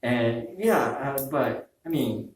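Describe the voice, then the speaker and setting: Man, young adult, modest host, halting speech, echoey, far mic. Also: medium pitch, expressive, slight background noise. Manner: modest, slightly halting phrasing. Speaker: host, pianist. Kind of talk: casual chat. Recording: echoey room, distant mic.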